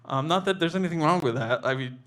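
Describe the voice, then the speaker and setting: A man with a fairly high speaking voice tells a personal story from his own life. His delivery is loose and chatty, with plenty of "like" and self-corrections. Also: animated, fast, fairly bright tone. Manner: casual, conversational, with frequent "like" and restarts.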